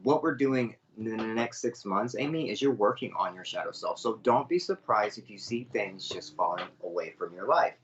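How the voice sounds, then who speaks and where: A man's voice: fairly low pitch, expressive, moderate pace, few pauses, dull audio. A man giving a live online psychic reading, earnest and chatty as he speaks straight to viewers. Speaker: psychic medium reader.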